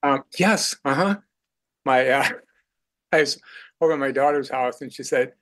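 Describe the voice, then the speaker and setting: A man's voice: medium pitch, brisk, gravelly, fairly bright tone. An older man speaking as a radio guest in an earnest faith conversation, chuckling now and then.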